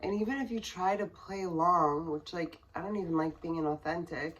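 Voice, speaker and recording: Woman, low register, vlogger recounting a personal story, loose and filler-heavy, sinks to a hush when it gets tense. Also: a little fast, lo-fi sound. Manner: rambling, peppered with fillers; voice drops to near whispers at tense moments.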